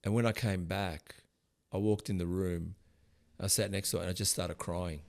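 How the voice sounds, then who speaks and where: A middle-aged man hosting a podcast interview, rambling and emotional, sometimes loud and animated. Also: deep voice, normal speed. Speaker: podcast host. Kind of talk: casual interview chat.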